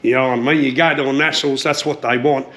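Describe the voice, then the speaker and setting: A middle-aged Australian man with a medium-pitched, fairly bright voice and steady tone talks fast in his home shed. He restores cars and is showing off his shed, chatting casually about cars while swearing freely and repeating himself a lot.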